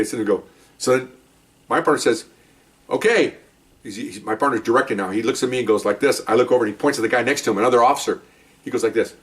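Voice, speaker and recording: An older man, a retired police officer, telling a war story from the job in a casual, animated way, now and then barking commands as he acts them out. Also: medium pitch, far from the mic.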